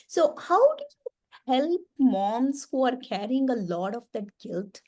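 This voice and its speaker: Woman host, slightly high voice, halting, filler-heavy questioner, video-call audio. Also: sing-song, a little mellow. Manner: hesitant, many fillers, thoughtful questions. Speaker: webinar host. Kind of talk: webinar discussion.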